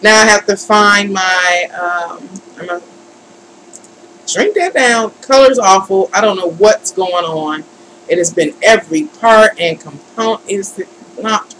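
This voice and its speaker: A woman's voice: mid-range voice, a little slow, a bit bright, a little hiss or hum, poor audio. A woman hosting a tarot livestream, frustrated and fussing and muttering to herself as she talks to her viewers. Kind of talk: live-stream chat.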